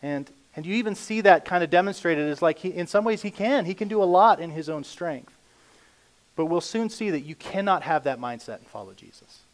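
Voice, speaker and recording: A man preaching a conversational sermon, reading scripture aloud and swinging between emphatic and hushed delivery. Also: fairly high pitch, lively intonation, a little fast. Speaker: pastor.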